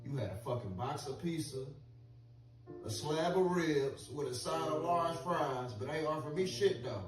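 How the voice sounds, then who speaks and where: A man with a fairly high voice yells and scolds with a lot of swearing. He is heard from a distance in an echoey room, with music playing loudly underneath. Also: lively intonation, moderate pace. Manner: yelling, scolding and profane. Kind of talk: viral comedy skit.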